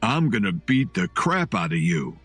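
Man doing a furious storybook brawler, shouting threats, domineering, voice swinging widely, dry close sound. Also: medium pitch, very animated, moderate pace, no echo, soft background music. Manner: shouting, menacing.

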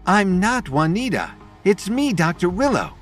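A man voicing a frantic female doctor who pleads and shouts urgent orders. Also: high-pitched, big pitch swings, unhurried, faint music behind, voice pushed up. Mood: pleading.

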